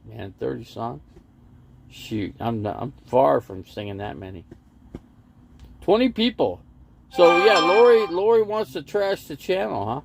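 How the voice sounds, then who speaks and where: A rambling man chats on a casual live stream from inside his RV, jumping from topic to topic and reading viewer comments aloud. His voice has a gravelly edge, and his pitch swings lively up and down as he talks. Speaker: livestream host. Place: inside an RV parked in a lot.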